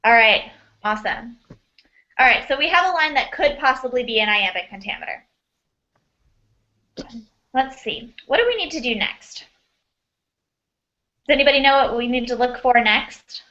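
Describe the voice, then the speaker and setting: A woman teacher leads an online class with a higher, bright and forceful voice. She sounds upbeat and quick to praise. The video-call audio is dull and lo-fi. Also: expressive.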